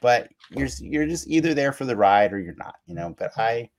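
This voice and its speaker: A man's voice: medium pitch, animated, moderate pace. A man on a podcast, recapping a cartoon episode in casual chat, rambling with fillers and restarts and laughing along. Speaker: podcast co-host.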